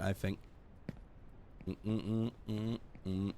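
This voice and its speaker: A British man rambles through a casual game-stream chat, swearing freely. His pitch rises and falls constantly as he talks. There is a faint hiss of noise behind him. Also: lively intonation, normal speed, fairly bright tone.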